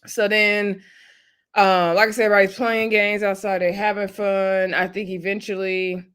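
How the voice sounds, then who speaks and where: A woman talks through a reality show episode in a loose, gossipy way. She laughs often and slips into quick impressions of the people she's quoting. Her voice sits in an ordinary middle pitch. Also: little pitch movement, a bit bright, clean tone. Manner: chatty, laughs often, acts out quotes in quick asides. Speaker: reality TV recap commentator. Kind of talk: casual recap chat.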